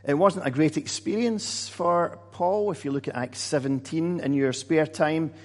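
A man preaching a sermon in a conversational way, often pausing with fillers and repeating words. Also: a little high, soft background music. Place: church hall. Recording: long hall reverb.

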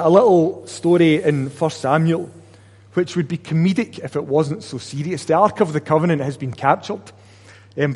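A man's voice: high-pitched, a little mellow, breathy edge, big-room sound. A man preaching a sermon, talking conversationally and asking his listeners rhetorical questions. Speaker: pastor.

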